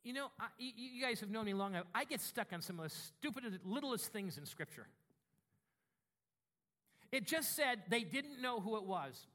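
A male pastor preaching a sermon in a conversational, animated, self-deprecating way. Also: high voice, normal speed.

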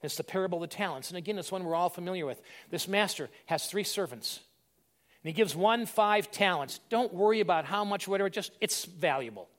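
A male pastor preaching a sermon in a plain, conversational way, asking his listeners rhetorical questions, sometimes loud and sometimes hushed. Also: sits high, animated, a little fast.

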